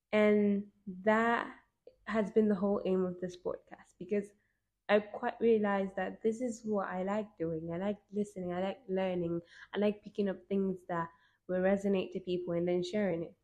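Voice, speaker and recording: A woman's voice: mid-range voice, a little mellow. A woman hosting her own podcast, talking alone in a casual, reflective, self-mocking way. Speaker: podcast host. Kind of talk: casual solo podcast talk.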